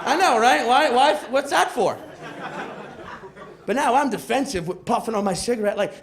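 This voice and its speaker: A young man telling a stand-up comedy story, animated and acting out characters with shouted outbursts, recorded live with a laughing audience. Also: extremely high pitch, normal speed, pauses often. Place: comedy club stage. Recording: live club with crowd laughter.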